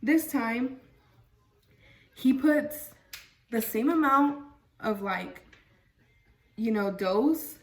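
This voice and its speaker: Chatty young woman telling a story. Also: mid-range voice. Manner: chatty, lots of fillers and "freaking". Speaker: vlogger. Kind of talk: casual storytime. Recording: voice a bit far from mic.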